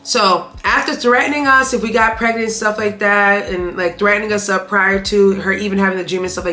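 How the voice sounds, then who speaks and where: A woman's voice: medium pitch, fairly even intonation, fairly quick, few pauses, bright, forceful tone. A young woman in her twenties telling a personal story on her vlog, candid and emphatic, talking straight to her viewers. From Haitian family. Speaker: vlogger.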